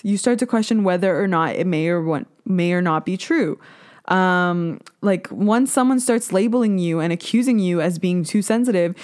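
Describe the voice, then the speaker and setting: A young woman talks straight to her listeners in a solo podcast, loose and candid, packing her talk with "like" and "um". She swears freely and jumps into sudden loud bursts of emphasis, then drops back to chatting. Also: mid-range voice, a little fast. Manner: talks to listeners directly, with many "like" and "um" fillers. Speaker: podcast host.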